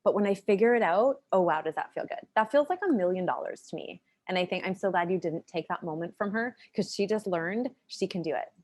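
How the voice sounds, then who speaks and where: A woman's voice: on the low side, animated, a little fast, hardly any pauses, a little mellow. A woman guest educator in a video-call interview, speaking earnestly and giving advice about raising girls. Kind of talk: conversational interview.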